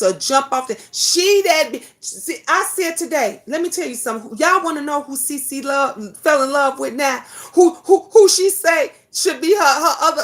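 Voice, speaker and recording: A woman's voice: high voice, fairly bright tone. Blunt, profane middle-aged woman host. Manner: preachy, lecturing. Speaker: talk show host. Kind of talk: impassioned monologue.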